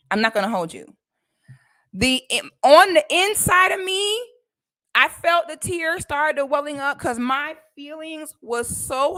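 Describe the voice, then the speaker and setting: A woman vlogger telling a personal story in casual slang, acting out what people said. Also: high-pitched. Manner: animated, slangy, acts out quotes.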